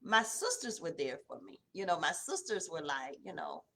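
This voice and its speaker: A woman, telling a personal testimony in a casual, conversational way. Her voice drops low and soft in the emotional stretches. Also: big pitch swings, normal speed, very noisy. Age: 40s. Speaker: host of a morning devotional.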